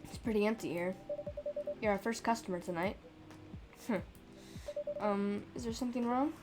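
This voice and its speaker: A woman's voice: mid-range voice, normal speed, natural voice. A woman reading the lines of a polite, curious young barista in a cozy game. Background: game music.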